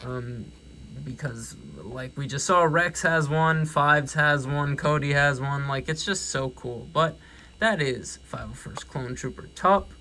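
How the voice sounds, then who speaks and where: A man's voice: on the high side, takes it slowly, pushed and bright, slight background noise. A young man with a New York accent casually reviewing his toy collection, enthusiastic and rambling, often correcting himself.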